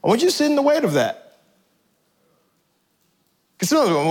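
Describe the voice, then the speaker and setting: Male pastor, high-pitched, conversational sermon with animated asides. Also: a little fast.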